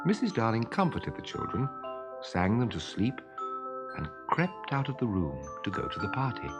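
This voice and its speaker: A man reading a children's story aloud with expressive, lively narration. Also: medium pitch, normal speed, over loud music.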